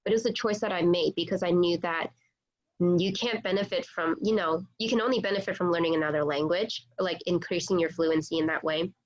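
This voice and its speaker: A woman's voice: on the low side, steady tone, fairly quick, dull audio. A woman working as a real estate agent, chatting casually on a video call, full of "like" and "you know".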